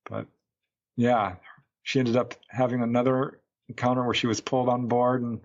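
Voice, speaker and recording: A man's voice: mid-range voice, little pitch movement, normal speed, lo-fi sound. A man, a UFO researcher, recounting a case as a guest in a podcast interview, a chatty storyteller who acts out quotes.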